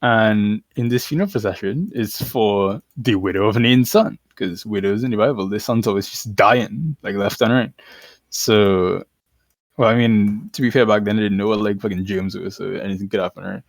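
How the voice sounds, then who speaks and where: A man's voice: fairly low pitch, moderate pace, no echo. A man casually retelling stories on a podcast, irreverent and slangy, laughing as he goes. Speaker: podcast co-host. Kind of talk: casual chat.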